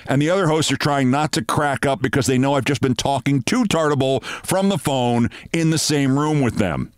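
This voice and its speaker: A man in his sixties, hosting and telling a brisk anecdote, acting out the dialogue of the people in it. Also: mid-range voice, clean tone, dry recording. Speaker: host. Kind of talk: anecdotal storytelling monologue.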